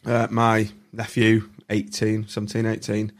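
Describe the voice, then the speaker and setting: A man leads a podcast chat in a low, flat voice. He talks in a measured way and stops often with ums and uhs. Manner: measured, hesitant, lots of fillers. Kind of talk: casual chat.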